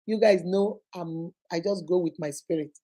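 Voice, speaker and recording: A woman's voice: on the low side, moderate pace. A woman with a Nigerian accent hosting a vlog, chatting casually and animatedly to her viewers. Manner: animated, preachy. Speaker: vlogger host.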